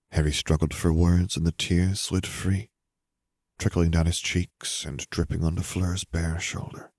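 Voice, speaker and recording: A man narrating an audiobook in a steady, measured way. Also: sits low, dry recording.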